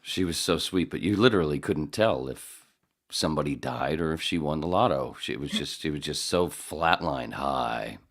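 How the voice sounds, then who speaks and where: A middle-aged man hosting a podcast, chatting casually in a rambling, halting, self-deprecating way. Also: extremely low pitch, lively intonation, vocal fry. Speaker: podcast host. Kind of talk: casual chat.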